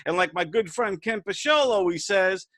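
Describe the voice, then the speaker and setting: A man hosting a comedy show from home, upbeat and excitable, rattling off the intro at speed. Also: high-pitched, moderate pace, no room sound. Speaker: host. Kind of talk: casual chat on a comedy show. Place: home, remote.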